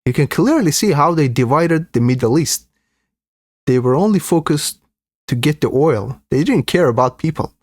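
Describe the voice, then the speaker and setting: A man's voice: a little high, expressive, moderate pace, darkish tone, no room sound, clean studio sound. A man hosting a live reaction stream, commenting earnestly and indignantly to his viewers.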